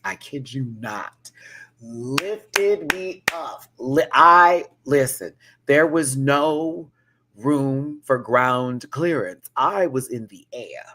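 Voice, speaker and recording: Animated man telling a story. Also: mid-range voice, very slow, slight background noise. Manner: lively and dramatic, with slang, shrieks and laughter. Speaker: vlogger.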